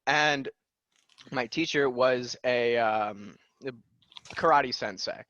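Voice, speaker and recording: A man's voice: medium pitch, slow, no room sound, dull audio. A young man chatting on a podcast, telling a story with lots of energy and acting out what people said. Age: young adult. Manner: animated storytelling, acts out quotes. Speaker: guest. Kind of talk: casual podcast chat.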